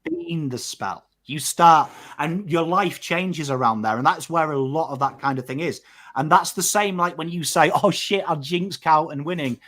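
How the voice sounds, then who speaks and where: Man, English accent, fairly high voice, animated, swearing, casual podcast talk. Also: moderate pace. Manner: animated, swears freely, keeps asking "right?". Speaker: podcast host. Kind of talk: casual chat.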